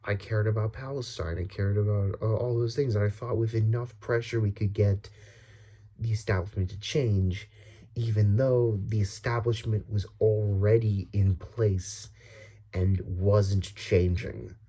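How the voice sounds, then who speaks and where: A man's voice: fairly low pitch, steady tone, measured pace, dark tone. A young man from the Dominican Republic ranting casually about politics, rambling with many restarts, swearing and nervous laughs. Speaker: vlogger.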